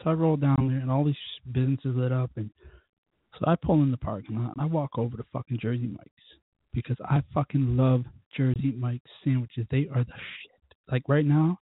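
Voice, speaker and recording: A man's voice: medium pitch, fairly even intonation, normal speed, breathy edge, no echo. A man hosting a casual podcast, rambling through a profane story while a bit drunk. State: tipsy from drinking. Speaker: podcast host. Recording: tinny phone-like recording.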